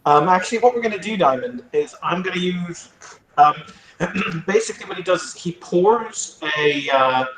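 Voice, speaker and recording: A man's voice: high-pitched, animated, moderate pace, fairly bright tone. A man playing a tabletop role-play game, explaining his actions in a rambling, restarting way. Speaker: player. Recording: echoey room.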